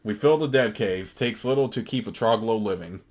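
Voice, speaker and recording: A man's voice: fairly low pitch, normal speed, a little hiss or hum, close to an everyday voice. A man voicing a proud, burly old male troglodyte warrior who speaks in broken, simple phrases.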